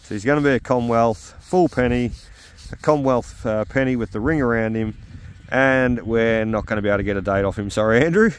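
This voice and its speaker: A man's voice: medium pitch, brisk, a little hiss or hum. Upbeat Australian man outdoors. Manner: upbeat and chatty, with frequent 'uh' fillers. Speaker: metal detecting vlogger. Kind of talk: casual outdoor commentary. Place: outdoors at an old house site.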